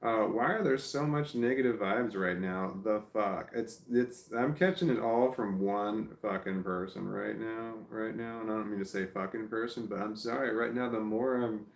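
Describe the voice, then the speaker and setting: A man with a fairly low voice reads viewer comments aloud on his livestream and reacts to them, swearing freely and flaring into angry rants. The sound is roomy and echoey. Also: moderate pace, creaky, few pauses. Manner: swears a lot, flares into angry ranting. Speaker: livestream host reading chat. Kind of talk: casual livestream chat.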